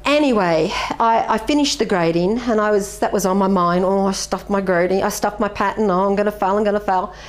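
A woman's voice: mid-range voice, brisk, few pauses. Earnest woman, middle-aged. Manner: earnest, animated storyteller. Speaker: martial arts master being interviewed. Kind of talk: reflective interview answers.

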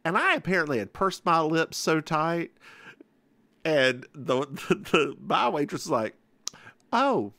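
A man co-hosting a podcast, telling stories in a sassy, animated way and acting out what people said. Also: on the high side, unhurried, no echo. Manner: animated, acts out quotes, sassy. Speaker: podcast co-host. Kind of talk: casual chat, storytelling.

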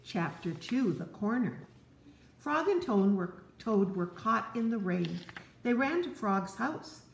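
An older woman reading a children's chapter book aloud, with gentle, chatty asides to young listeners. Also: mid-range voice, big pitch swings, slow pace, vocal fry, slight background noise. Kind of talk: read-aloud storytelling for kids. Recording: roomy echo.

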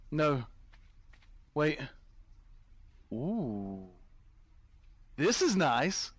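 A man with a voice on the high side chats casually with his viewers during a let's-play, easily startled into yelps and laughter. There's no echo.

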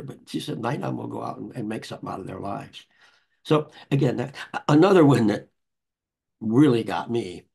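Older male author guest, gravelly husky low voice, rambling anecdotal storyteller. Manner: rambling, warm anecdotes with restarts. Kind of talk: conversational storytelling.

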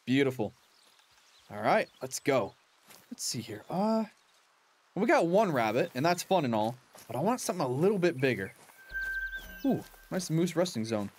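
A young man talks through a hunting game in a loose, chatty way, laughing and cheering on his virtual dog. His voice sits a bit high for a man. His pitch swings widely as he reacts. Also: big pitch swings, normal speed, long pauses, slightly rough. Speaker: gaming channel host. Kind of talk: casual gameplay commentary.

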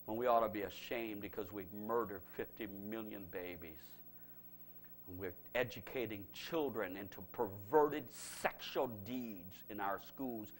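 A man preaching a revival sermon as pastor, who swings from loud, fervent preaching to low, confiding talk. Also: a little hiss or hum. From United States.

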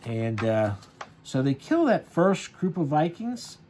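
A man's voice: a little high, very animated, slow pace, warm tone. A man casually reviewing a comic, rambling with many fillers and chuckles.

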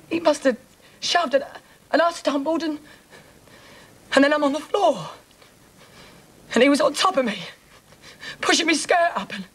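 A shaken woman in a television drama. She speaks in a high, insistent voice and keeps repeating herself as she pushes her point. The anguish stays close to the surface. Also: a bit bright. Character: distraught woman confronting her attacker.

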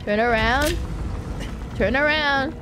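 A woman streamer talking casually over gameplay, often laughing and yelling at the game. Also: sits high, slow pace, music in the background.

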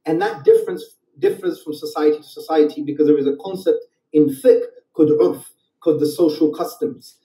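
A man's voice: a little high, animated, fairly quick, mellow. A man speaking as a guest in a played clip, explaining in a careful, qualifying way and checking in with "okay?". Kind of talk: measured explanatory talk. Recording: far-off roomy clip recording.

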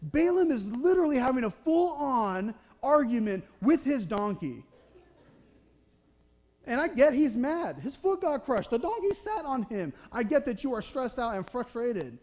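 High-voiced, chatty male preacher. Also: big pitch swings, measured pace, darkish tone. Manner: conversational, checks in with "okay?" and "right?". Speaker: pastor. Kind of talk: sermon. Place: church.

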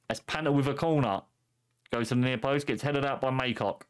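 A man's voice: medium pitch, moderate pace, clear, resonant tone. A young man commentating a football management game on stream in a playful way, chuckling often and cracking puns. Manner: chuckling, punning, excitable.

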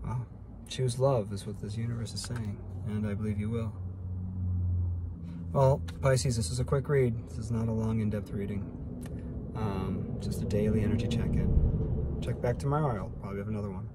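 A man's voice: lowish voice, moderate pace, noisy background. A man giving a casual daily tarot reading, thinking aloud and asking spirit about each card. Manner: relaxed, musing, talks to spirit while drawing cards. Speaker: tarot reader.

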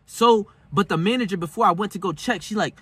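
A young man with a husky, slightly high voice tells a personal story straight to his audience. He talks in loose street slang, cursing freely, and swings between fired-up venting and subdued reflection. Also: quick pace, fairly bright tone, no room sound. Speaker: self-help vlogger. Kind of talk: casual storytelling monologue.

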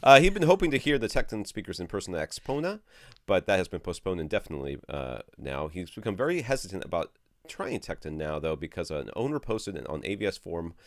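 A man's voice: low voice, very animated, fast talker, no room sound, studio quality. A man co-hosting a casual audio podcast, reading listener questions and reacting animatedly, often restarting his sentences. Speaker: podcast co-host. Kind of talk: casual chat.

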